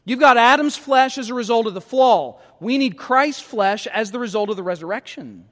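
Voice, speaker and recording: High-voiced preaching pastor in a hall. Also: male voice, normal speed. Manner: animated preaching with rhetorical questions and emphatic repeats. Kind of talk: sermon.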